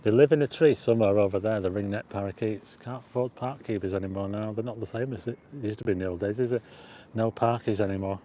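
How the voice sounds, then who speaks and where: Speaking fast in a fairly low, mellow voice, this livestream host walks through a city park with slight background noise around him. He uses a plug-in mic on a phone fitted to a stabilizer. His loose, rambling chatter includes greetings to viewers and chat read aloud.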